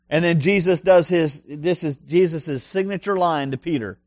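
A man's voice: on the high side, a little fast, hardly any pauses, a little mellow, no room sound, clean studio sound. A male pastor preaching a sermon in an emphatic way, full of rhetorical questions and punchy asides.

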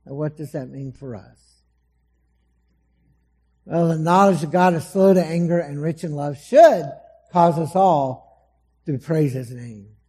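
A man preaching a sermon to a congregation, dramatic, acting out the voices he quotes and swinging between loud emphasis and soft, low asides. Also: unhurried, long pauses, breathy edge. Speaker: pastor. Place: church hall before a congregation.

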